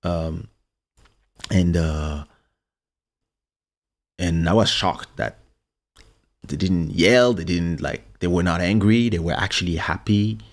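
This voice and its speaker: A man from Congo hosting a livestream as a musician, telling a personal story in a relaxed, halting way. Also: low voice, creaky. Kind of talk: casual storytelling chat. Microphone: studio microphone.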